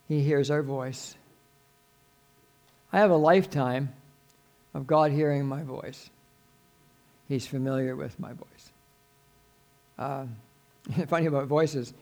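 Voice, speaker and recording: Gravelly older male preacher, pleading. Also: on the high side, a little slow, pauses often. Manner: earnest, pleading, with sudden loud swells. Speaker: pastor. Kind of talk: sermon.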